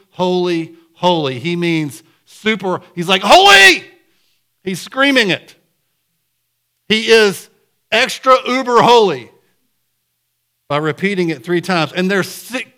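Lively man preaching a sermon. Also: sits high. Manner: lively, conversational preaching with sudden loud bursts. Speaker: pastor. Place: church sanctuary.

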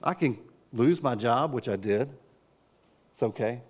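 A middle-aged man preaching a sermon as a pastor, earnest and story-driven, with sudden loud outbursts when he acts out his own cries. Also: mid-range voice, measured pace, breathy edge.

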